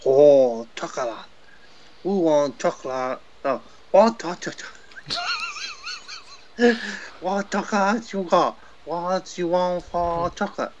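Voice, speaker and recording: A man's voice: fairly high pitch, takes it slowly, pauses often, a little mellow, muffled recording, a little hiss or hum. A man doing a blunt broken-English boss. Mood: suspicious. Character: gruff male workshop boss speaking broken English.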